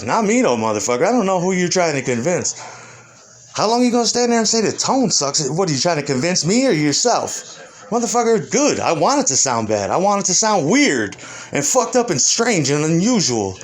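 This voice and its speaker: Profane, animated man ranting. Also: high voice, normal speed. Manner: profane, combative, rambling. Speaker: musician. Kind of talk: ranting monologue.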